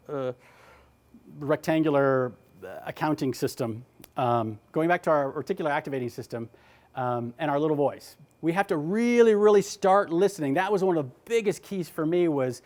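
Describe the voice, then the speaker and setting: A man giving a motivational talk, animated and emphatic, often repeating his words. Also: fairly high pitch. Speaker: motivational speaker.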